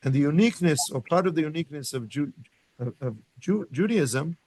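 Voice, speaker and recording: A man's voice: fairly high pitch, lively intonation, brisk, background noise. A man teaching a Torah class as a lecture, thinking aloud with frequent restarts and questions put to his students. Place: synagogue study room.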